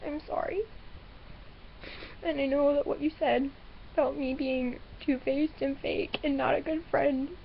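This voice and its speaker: A teenage girl crying and sniffling through a halting webcam apology, repeating herself. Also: high voice, steady tone, gravelly, dull audio, a little hiss or hum. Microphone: webcam built-in mic.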